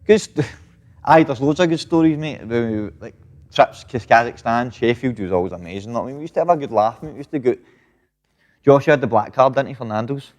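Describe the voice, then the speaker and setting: Interviewed as a guest, a Scottish pro boxer in his thirties speaks a little fast in a mid-range, darkish voice with lively intonation. The audio has a long reverb, and his casual talk is full of swearing and fillers like "mate" and "know what I mean".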